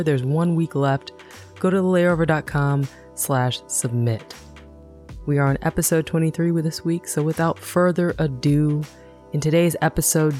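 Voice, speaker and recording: Podcast host reading a brisk intro over music. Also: medium pitch, a little mellow. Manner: brisk, announcing. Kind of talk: scripted show introduction. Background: faint music.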